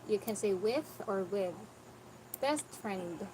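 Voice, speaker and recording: Slow-paced patient woman tutor. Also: mid-range voice, lively intonation. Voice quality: patient, corrective, repeats words slowly for the student. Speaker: English tutor. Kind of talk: online pronunciation lesson. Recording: noticeable background noise.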